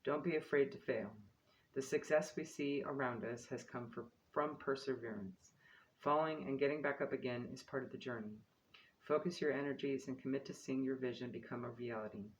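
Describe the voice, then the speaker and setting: A man in a spiritual card-reading video, reading uplifting guidance in a calm, encouraging way. His voice sits at an ordinary middle pitch, with casual asides to the viewer and a faint low rumble behind him. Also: fairly quick, low-quality recording. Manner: calm and encouraging, laughs at his own stumbles. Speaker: tarot card reader. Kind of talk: spiritual card reading, reading guidebook text aloud.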